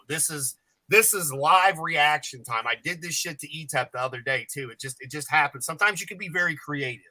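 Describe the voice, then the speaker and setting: A man's voice: fairly high pitch, bright, forceful tone, no echo, low-quality recording. A man telling jokey, rambling, profane stories as a guest on a podcast panel. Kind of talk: casual storytelling chat.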